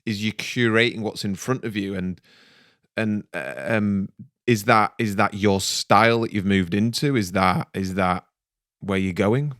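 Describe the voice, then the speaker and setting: Brief: male host, lowish voice, dry sound, keen and affirming. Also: measured pace, a bit bright, no room sound. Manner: enthusiastic, affirming interjections. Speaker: interview host. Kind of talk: conversational interview.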